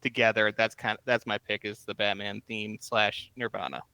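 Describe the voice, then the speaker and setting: A man joins a podcast as a guest and chats with easy, jokey enthusiasm. His voice is bright and clean, and the sound is dry and close. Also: fairly low pitch, little pitch movement, moderate pace, clear, resonant tone, no echo. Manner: jokey, enthusiastic fan talk. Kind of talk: casual podcast chat.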